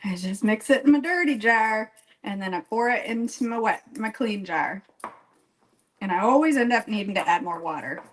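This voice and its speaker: A woman's voice: medium pitch, lively intonation, moderate pace, a little hiss or hum, low-quality recording. A woman chatting casually to live viewers while she bakes, rambling and poking fun at herself. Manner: rambling, self-deprecating, chatty while working; talks to viewers by name, laughs often. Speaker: home baker. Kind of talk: casual live-stream baking chat.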